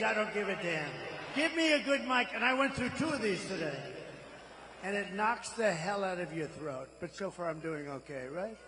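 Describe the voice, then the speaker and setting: A man's voice: high voice, expressive, measured pace, big-room sound, noisy background. Older man rambling at a rally. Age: 70s. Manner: rambling, off-the-cuff, boastful. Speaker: political candidate. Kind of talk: campaign rally speech. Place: large rally venue. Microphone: stage microphone.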